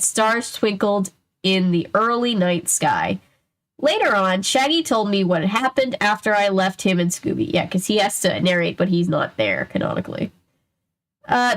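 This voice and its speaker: Woman, streamer, casual read-aloud, chatty, digressive. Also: mid-range voice. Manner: chatty, digressive, reads aloud then comments and answers chat. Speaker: streamer reading a children's mystery book.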